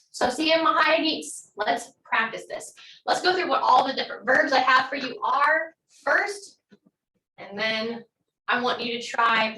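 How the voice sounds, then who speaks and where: A woman's voice: high voice, sharp tone, roomy sound, far from the mic, slight background noise, poor audio. A woman teaching a language class online, upbeat and encouraging as she models words for students to repeat.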